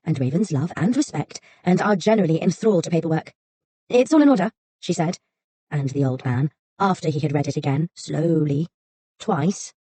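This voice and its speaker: Woman reading an audiobook, low dark voice, kinda husky, soft and unhurried. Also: no echo. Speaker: audiobook narrator. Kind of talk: audiobook narration.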